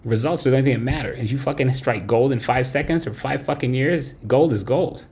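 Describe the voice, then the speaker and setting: A man's voice: mid-range voice, quick pace, a little mellow. Blunt, foul-mouthed male stream host. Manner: blunt, heavy swearing, tags lines with "right?". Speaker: livestream host. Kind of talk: profane late-night stream rant.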